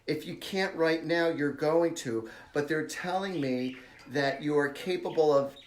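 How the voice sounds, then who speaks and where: A man with a New Jersey accent giving a live-stream psychic reading, pausing and searching for words with many ums and restarts. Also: a little high, reverberant. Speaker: psychic medium host.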